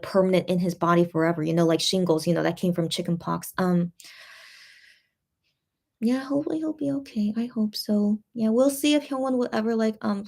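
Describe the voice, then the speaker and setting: A young adult woman hosting a casual livestream, reading out viewer comments and talking them through in a halting, comforting way with many restarts. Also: medium pitch, creaky, warm tone. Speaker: livestream host reading fan chat.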